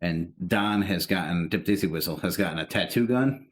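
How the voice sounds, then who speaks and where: A man's voice: low voice, normal speed. A man co-hosting a podcast, telling rambling, profane stories in casual chat. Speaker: podcast co-host.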